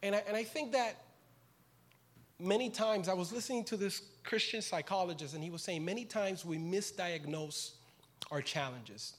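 A male pastor with a fairly high voice delivers a sermon. He works through the text, dropping low and soft, then climbing into loud, pressing questions to the congregation. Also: moderate pace. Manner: impassioned, swings from quiet to loud.

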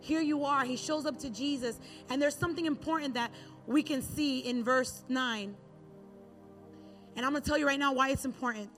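A woman preaching a sermon, retelling a Bible story in a relaxed, conversational way. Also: high-pitched, moderate pace, faint music behind.

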